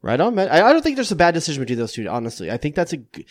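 A man's voice: on the high side, wildly swooping pitch, rapid-fire, no room sound, clean studio sound. A man co-hosting a casual sports podcast, full of teasing, jokey banter. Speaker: podcast co-host.

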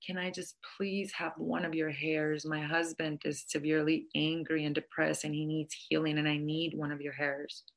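A woman's voice: low-pitched, flat delivery, normal speed, gravelly, few pauses. A woman voicing a devoted wife who pleads earnestly for her husband's sake. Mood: pleading. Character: devoted wife, desperate and determined.

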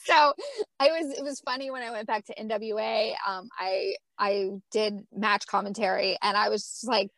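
A woman's voice: mid-range voice, moderate pace, dry recording. A woman in her thirties, a wrestler and guest, chatting casually and laughing often as she acts out what she said. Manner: lively, laughs often, acts out her own past remarks. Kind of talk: casual interview chat.

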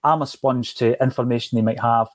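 Male podcast host, emphatic and animated, dry close-miked sound. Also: medium pitch, brisk, no echo. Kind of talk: casual football chat.

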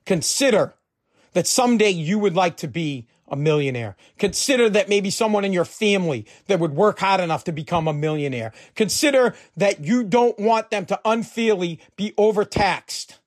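A man's voice: high voice, expressive, normal speed. A man delivering a heated, profane political rant, fired up and repeating himself.

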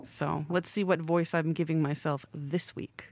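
A woman's voice: low-pitched, fairly even intonation, a little slow, a little mellow, a little hiss or hum. Wry woman with a slight lisp. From New York area. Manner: rambling, wry, swearing. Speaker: podcast co-host. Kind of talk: casual storytelling chat.

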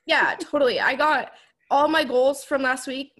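High-voiced teasing young woman. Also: normal speed, fairly bright tone. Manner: teasing, lots of "like" and "um". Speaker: podcast co-host. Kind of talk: casual chat.

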